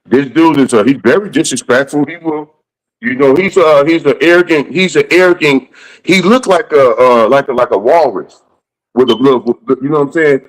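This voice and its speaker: A man's voice: mid-range voice, moderate pace, poor audio. Comedian guy on a podcast, cussing, blunt, just talking loose. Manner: blunt, profane storytelling. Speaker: comedian guest. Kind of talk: casual podcast chat.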